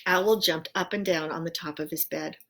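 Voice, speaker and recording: Gentle woman reading a storybook aloud. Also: low-pitched, fairly even intonation, moderate pace, slight background noise. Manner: gentle, with soft asides to listeners.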